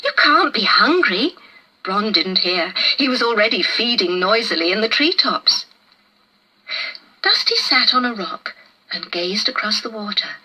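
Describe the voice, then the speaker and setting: A woman narrating a children's storybook in a measured, gentle way. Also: mid-range voice, lively intonation, poor audio.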